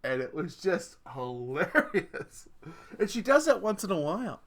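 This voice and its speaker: A man's voice: high voice, very animated, measured pace, fairly bright tone. A man in his forties hosting a podcast, telling stories in a casual, chatty way, laughing often and swearing casually. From Canada. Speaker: podcast host. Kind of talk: casual storytelling rant.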